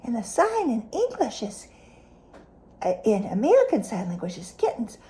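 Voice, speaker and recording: A woman's voice: on the high side, normal speed, a little hiss or hum. A woman reading a picture book aloud to a child, stopping often to ask questions about the pictures. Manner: animated, asks the child questions.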